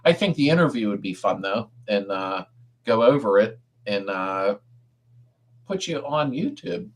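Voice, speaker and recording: A middle-aged man hosts a casual live-stream in a lowish, very animated voice at a measured pace. Laid-back and often chuckling, he reads viewer comments aloud and answers car repair questions.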